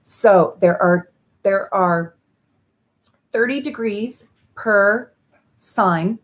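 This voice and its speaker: A woman's voice: mid-range voice, extremely slow. A woman astrologer hosting a casual live stream, chatting effusively and pulling tarot cards for viewers. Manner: bubbly and effusive, with laughs and "um" fillers. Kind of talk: casual live-stream chat with card readings.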